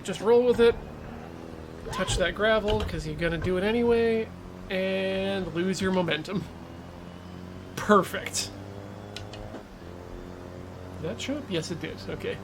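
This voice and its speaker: Over the hum of a racing game's engine and track noise, a high-voiced man speaks a little slowly and pauses often. He's streaming sim racing, casually coaching himself and joking around with his viewers.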